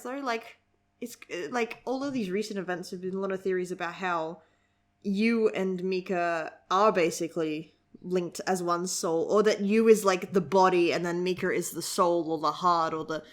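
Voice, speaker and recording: A woman's voice: on the low side, normal speed. A young woman chatting casually and giggling as she reads through a manga chapter and comments on it. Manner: chatty, giggly, easily amused. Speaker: manga reviewer. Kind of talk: casual chat reading manga aloud.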